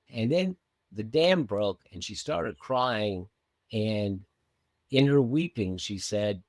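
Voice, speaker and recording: A man's voice: fairly low pitch, slow, no room sound. A man who works as a meditation coach, telling a story in conversation and acting out the lines of the people in it. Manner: animated, acts out quoted dialogue.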